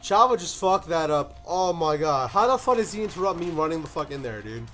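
A young man giving live gameplay commentary, cursing and breaking into loud, frustrated outbursts. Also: on the high side, lively intonation, fairly quick, faint music behind. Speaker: gaming commentator.

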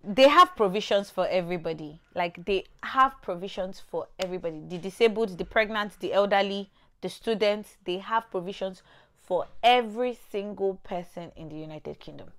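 A woman's voice: medium pitch, moderate pace. A young Nigerian woman with a Nigerian accent, chatting to camera in a casual vlog and repeating her points for emphasis. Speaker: vlogger.

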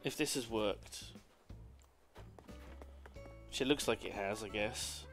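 A man's voice: on the low side, slow pace, creaky, fairly bright tone. A man streaming a video game, chatting and rambling casually with playful asides. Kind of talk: casual gameplay commentary. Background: faint game music.

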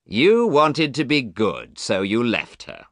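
A man voicing an amused, cynical gentleman in a storybook reading, slow and drawling. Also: medium pitch, huge pitch swings, no room sound, studio quality, voice pushed up, exaggerated voice.

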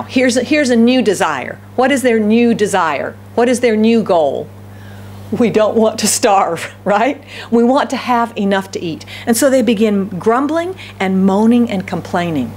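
A woman's voice: mid-range voice, a little mellow, slight background noise. A woman pastor giving a conversational sermon, often asking the congregation questions. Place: church service.

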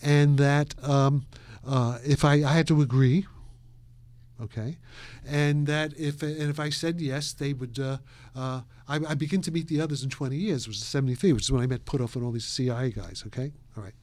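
This roughly eighty-year-old man from New York talks briskly in a mid-range voice on a dry recording. As an interview guest he spins long, wandering tales, full of laughter and sentences he abandons and restarts.

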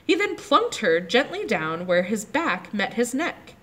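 A woman librarian reading a chapter book aloud to children, pausing to ask them about the pictures. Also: a little high. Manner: animated, asks the kids questions about the pictures. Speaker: librarian leading children's story time.

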